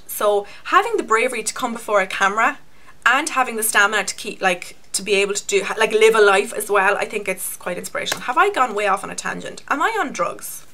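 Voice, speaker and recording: A woman's voice: a little high, sharp tone. A young Irish woman with an Irish accent chatting to camera in a casual, rambling beauty vlog, with a self-mocking streak. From Ireland. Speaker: beauty YouTuber.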